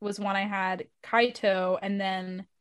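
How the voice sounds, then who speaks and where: A woman hosting a casual podcast chat, talkative and quick to laugh. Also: medium pitch, level tone, smooth, no room sound, clean studio sound. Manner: chatty, laughs easily. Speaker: podcast host.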